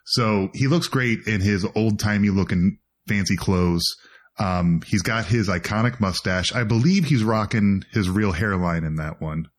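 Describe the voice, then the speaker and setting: A man's voice: lowish voice, measured pace. A man co-hosting a podcast in casual chat, joking and laughing often. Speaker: podcast co-host.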